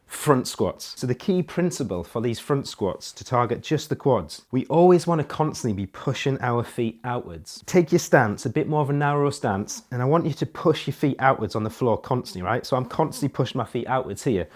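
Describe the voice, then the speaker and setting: A man's voice: medium pitch, fairly quick, few pauses. A man coaching a workout, counting reps aloud and often checking in with the listener. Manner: energetic coaching, often while exercising. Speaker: fitness coach. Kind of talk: workout instruction.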